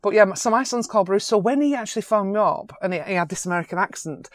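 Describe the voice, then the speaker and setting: A woman tells lively stories in an interview. Her delivery is animated and excitable, with quick laughs. The sound is dry and close. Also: mid-range voice, no room sound. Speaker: photographer. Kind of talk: chatty anecdotes in an interview.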